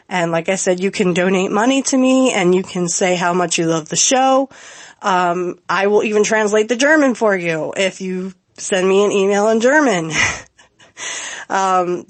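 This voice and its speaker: A woman hosting a solo podcast, talking in a heartfelt, rambling way with many fillers and restarts. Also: mid-range voice. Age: adult with a young child. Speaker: podcast host. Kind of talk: casual solo podcast talk.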